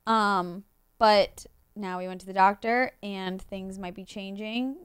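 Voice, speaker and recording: A young woman guest in a casual chat, bubbly and animated, often laughing as she retells stories. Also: mid-range voice, measured pace, smooth, no room sound, clean studio sound.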